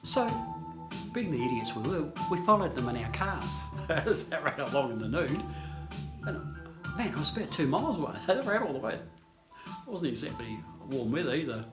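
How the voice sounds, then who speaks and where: An older man from New Zealand with a New Zealand accent, telling stories in a relaxed, casual way and laughing often. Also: a little high, moderate pace, echoey room, music in the background. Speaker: storyteller. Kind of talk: casual storytelling.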